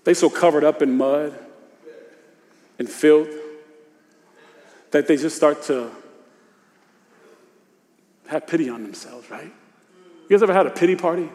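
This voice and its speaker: A man preaching a sermon in loose, casual speech, dropping to a hush and rising to shouts. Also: a little high, unhurried, long pauses. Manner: swings from hushed confession to shouted exhortation; informal Southern-tinged preacher speech, "y'all" and "ain't". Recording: long hall reverb.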